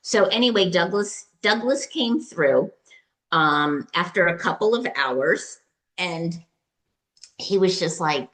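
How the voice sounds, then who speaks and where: Lower-voiced woman telling a heartfelt story. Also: animated, fairly bright tone. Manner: halting, emotional, many fillers and restarts; recounts dialogue in quoted voices. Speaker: retreat client, interview guest. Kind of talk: personal story, conversational.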